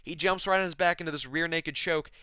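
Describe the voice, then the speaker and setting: A young man giving a casual fight recap, excited and sarcastic, full of fillers and repeated words. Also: fairly high pitch, a little fast, smooth, no room sound. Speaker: MMA recap host.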